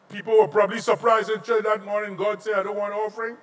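Trinidadian preacher, high voice, swinging to shouts. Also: male voice, flat delivery, fast, recorded from a distance. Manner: preaching with sudden shouted peaks and quiet asides. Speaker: visiting pastor. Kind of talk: sermon. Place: large auditorium.

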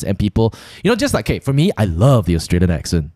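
A Malaysian man with a Malaysian English accent chats quickly, and his voice leaps up and down as he talks. He circles back and restarts his thoughts often. The sound is close and dry. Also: fairly low pitch, no room sound. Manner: rambling, animated, full of restarts. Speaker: podcast co-host. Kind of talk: casual chat.

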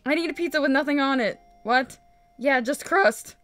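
Bright, lively woman gaming host. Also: sits high, moderate pace, dry recording. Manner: excitable, exclamatory, chatty. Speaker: let's play host. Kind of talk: casual gameplay commentary. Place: home, in daytime.

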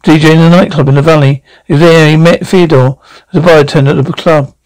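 A man's voice: fairly high pitch, steady tone, brisk, a little mellow, lightly acted. An actor playing a young male nightclub DJ who tells his story in a self-mocking voice-over for a series. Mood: rueful.

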